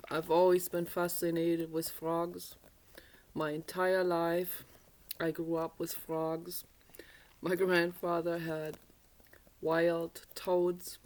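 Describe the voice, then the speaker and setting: A woman's voice: fairly low pitch, little pitch movement, takes it slowly, a little mellow. A woman from Germany, telling a childhood story in a rambling, chatty way that corrects itself as she goes. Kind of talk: casual storytelling.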